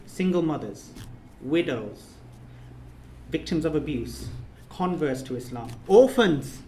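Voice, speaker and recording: A man's voice: on the high side, lively intonation, slow pace, darkish tone, reverberant, a little hiss or hum. A man leading a course, giving an emotional thank-you speech, earnest and repetitive, his phrases rising to emphatic peaks. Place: reception room of an official residence.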